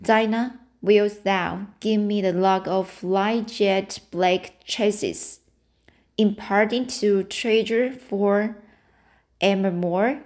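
A woman's voice: mid-range voice, steady tone, very slow, darkish tone. A woman reading the lines of a dramatic, romantic young girl, breathless and theatrically tearful. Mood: rapturous.

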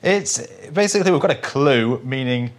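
Male co-teacher, mid-pitched voice with lively ups and downs, casual explainer. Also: normal speed. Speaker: English teacher. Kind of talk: conversational lesson explaining vocabulary.

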